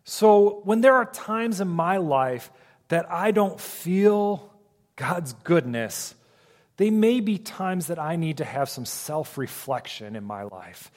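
A man preaching a sermon in an earnest, reflective teaching manner, with frequent fillers and restarts. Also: sits high. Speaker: pastor. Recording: long hall reverb.

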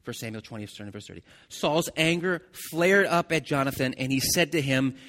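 Bright-voiced preacher retelling a story. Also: male voice, mid-range voice, brisk, hardly any pauses, long reverb tail. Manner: storytelling with repeated restarts, asides to the congregation. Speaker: pastor. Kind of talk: sermon.

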